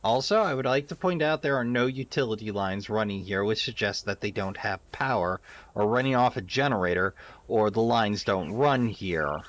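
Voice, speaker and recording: A man's voice: lowish voice, expressive, moderate pace. A man giving wry, casual commentary over a horror game, chatty and suspicious, swearing now and then. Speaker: let's-play host.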